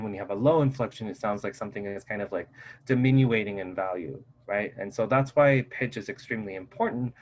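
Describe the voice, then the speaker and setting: A man's voice: medium pitch, poor audio. A man teaching a casual recorded lecture in a loose, conversational way, with many filler "like"s, into his own microphone. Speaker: college instructor. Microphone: personal microphone.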